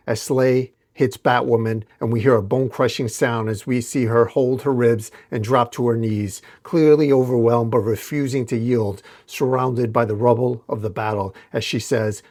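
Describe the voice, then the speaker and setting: A man hosting a comic book channel, narrating a dramatic comic recap in a steady storytelling manner. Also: medium pitch, normal speed.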